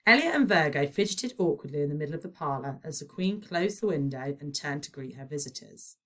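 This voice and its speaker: A woman with a British accent, a primary school teacher, reading a children's novel aloud with expressive storytelling. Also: deep voice, fairly quick. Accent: British English.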